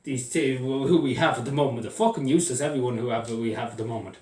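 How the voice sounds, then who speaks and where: A man's voice: medium pitch, quick pace, darkish tone. An Irish man ranting angrily to camera, swearing often and repeating himself as he gets worked up. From Ireland. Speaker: vlogger. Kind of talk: angry political rant. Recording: echoey room, mic at a distance.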